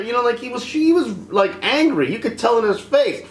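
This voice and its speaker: Ranting film reviewer, exasperated, very lively pitch, roomy echo. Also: normal speed, hardly any pauses. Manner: exasperated, animated, acts out scenes.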